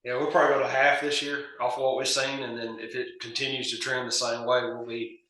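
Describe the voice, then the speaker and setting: A man's voice: medium pitch, level tone, a little fast, pushed and bright, reverberant, rough recording. A man, a farmer guest on a podcast, giving short, agreeable answers. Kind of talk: casual interview.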